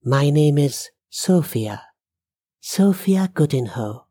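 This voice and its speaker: Voiced by a storyteller, a young woman's ghost speaks in a musical, measured tone. She is slow and solemn. The read is close and dry, with a lively rise and fall. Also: mid-range voice, slightly rough, no room sound. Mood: calm, sorrowful.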